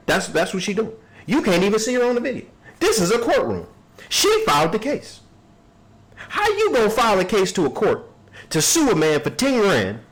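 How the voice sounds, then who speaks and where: A man's voice: sits high, normal speed, low-quality recording. A man hosting a podcast, reacting to a court video in casual commentary, mocking and acting out people. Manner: animated, mocking, acts out people in quotes.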